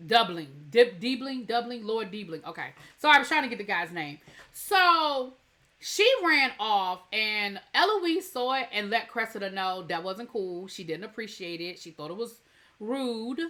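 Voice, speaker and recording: A woman's voice: medium pitch, animated, normal speed, sharp tone. A woman hosting a TV review channel, recapping an episode in a chatty, rambling way with many fillers and restarts.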